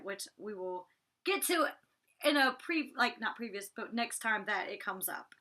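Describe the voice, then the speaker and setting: Woman, casual vlog recap, chatty, filler words, bright tone. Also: fairly high pitch, lively intonation, normal speed. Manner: chatty, many "like"s and restarts; talks to her dog mid-recap. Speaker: reality show cast member recapping an episode.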